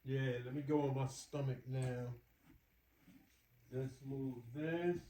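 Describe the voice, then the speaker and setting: Slow-talking man counting exercise reps. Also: mid-range voice, fairly even intonation, mellow, roomy sound, distant mic, rough recording. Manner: counting reps aloud, straining, slow and deliberate. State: exerting himself. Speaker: vlogger doing knee rehab exercises. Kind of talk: casual exercise vlog narration. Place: home room, lying on the floor.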